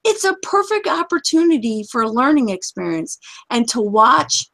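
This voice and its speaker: A high-voiced woman talks straight at her listeners, blunt and heated. Her speech is casual and full of profanity, the tone of a gaming host ranting to her audience. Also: very animated, normal speed, creaky, few pauses, a bit bright.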